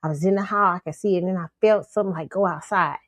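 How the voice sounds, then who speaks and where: A woman's voice: fairly low pitch, rapid-fire, no echo. A woman hosting her own show, telling a story to viewers in an emphatic, insistent way and often repeating herself. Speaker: show host.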